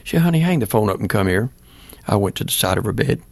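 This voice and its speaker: A man's voice: on the low side, expressive, fast talker, vocal fry, dry recording. An older man, a pastor, earnestly telling a personal story in plain words during an interview. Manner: plain-spoken, earnest, acts out remembered dialogue.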